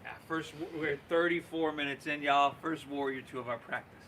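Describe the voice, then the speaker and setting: A man guiding a live yoga class, cueing poses and breaths in an encouraging, relaxed and folksy way. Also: fairly high pitch, moderate pace, slight background noise. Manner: relaxed, folksy, says y'all. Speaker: yoga instructor.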